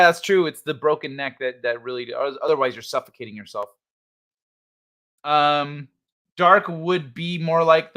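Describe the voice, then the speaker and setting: A man's voice: on the high side, sharp tone. A man hosting a casual late-night livestream, laid-back and chuckling as he reads the chat aloud. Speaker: livestream host.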